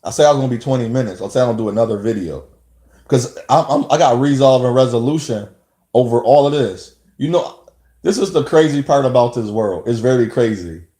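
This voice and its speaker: A man's voice: mid-range voice, animated, fairly quick, dark tone, echoey room. A man talking straight to camera in a rambling monologue, full of rhetorical questions and restarts. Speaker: vlogger.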